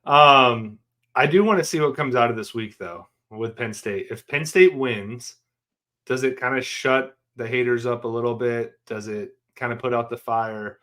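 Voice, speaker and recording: A man's voice: mid-range voice, moderate pace. A man co-hosting a sports podcast, chatting casually and animatedly with jokes. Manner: animated, joking, trailing off into fillers. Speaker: podcast co-host.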